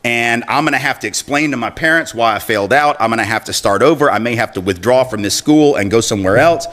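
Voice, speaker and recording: A man's voice: mid-range voice, fast talker, fairly bright tone. A man giving a public speech as an activist, telling a personal story in a conversational, self-deprecating way and chuckling as he acts out the voices in it. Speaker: activist speaker.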